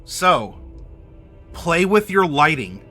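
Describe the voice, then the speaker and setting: A man hosting a game master workshop, talking to camera and addressing the viewer directly in an animated way. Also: fairly high pitch, takes it slowly, soft background music. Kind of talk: instructional talk to camera.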